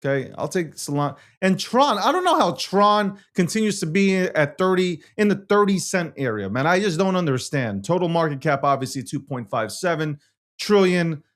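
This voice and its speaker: Brief: young male host, fast profane rants, somewhat high voice, big swings in energy. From United States. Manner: loud, animated ranting with frequent cursing.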